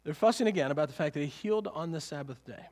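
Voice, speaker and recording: A high-pitched male pastor preaching a sermon in a church sanctuary, talking conversationally with rhetorical questions and chuckling asides. His voice rings with a long hall reverb. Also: lively intonation, fast talker, a little mellow.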